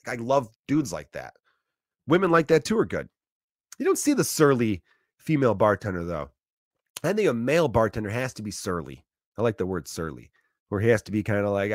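A man in his thirties talking in a loose, rambling monologue, telling animated stories with restarts and swearing. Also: mid-range voice, brisk, no echo, clean studio sound.

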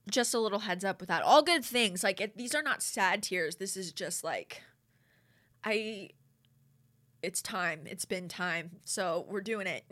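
A woman's voice: medium pitch, bright, forceful tone. A woman podcast host talking candidly and casually to her listeners, swearing freely and often saying "you guys".

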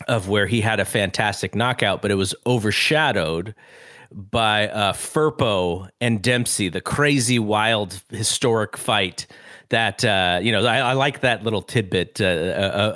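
Podcast co-host retelling a film scene. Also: male voice, medium pitch, fairly bright tone, dry recording, clean studio sound. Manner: retells scenes at length, acting out lines. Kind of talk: casual film discussion.

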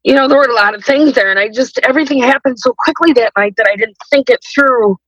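A woman's voice: sits high, fast talker, fairly bright tone, dry recording, low-quality recording. A woman telling her personal story as a guest in a podcast interview, hesitant and rambling, with many restarts.

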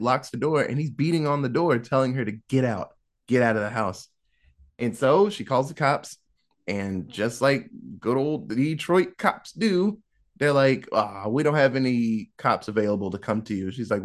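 A man's voice: medium pitch, moderate pace. A man casually retelling a film's plot, acting out the characters' lines as he goes. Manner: animated storyteller who acts out quotes. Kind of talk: casual film recap storytelling.

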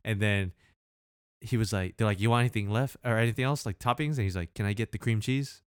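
A man's voice: on the low side, quick pace, smooth, no echo, studio quality. A man co-hosting a podcast, telling stories in casual chat, slangy and laughing often. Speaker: podcast co-host.

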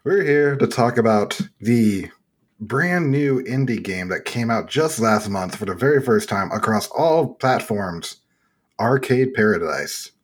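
Husky podcast host man. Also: on the low side, measured pace. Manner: laughs often, animated asides. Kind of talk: casual podcast chat.

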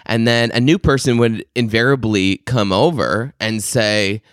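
A man telling a story in casual podcast chat, laughing often and swearing freely, sometimes mimicking shrill yelling. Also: steady tone, unhurried, clear, resonant tone, dry recording, studio quality. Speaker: podcast co-host.

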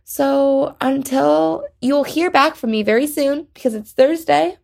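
A young woman hosting her podcast alone, rambling and halting with many fillers, emotional and close to tears. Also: high-pitched, creaky, darkish tone. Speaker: podcast host. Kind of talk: casual solo podcast chat.

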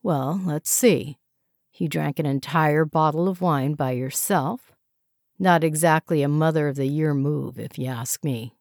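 A woman's voice: low-pitched, a little slow, darkish tone, dry recording, clean studio sound. A woman reading a story, voicing a smug husband who offhandedly mocks his hungover wife. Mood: teasing.

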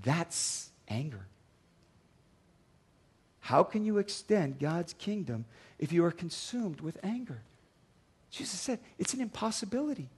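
Male pastor, high-pitched, dynamic sermon delivery with loud acted-out exchanges. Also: big pitch swings, measured pace, pauses often, breathy edge. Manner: dynamic preaching, acts out dialogues with rising volume.

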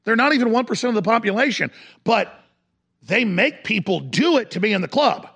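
Man, gravelly voice, high-pitched for a man, forceful ranting talk host. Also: animated, a little fast. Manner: ranting, forceful, swings between shouting and low growls. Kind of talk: impassioned broadcast monologue.

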